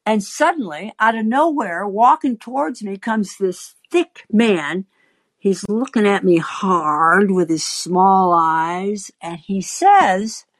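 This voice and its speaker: An older woman, an advice columnist hosting her show, telling a wry, animated story to her listeners with many asides. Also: medium pitch, dry recording. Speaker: advice columnist and podcast host.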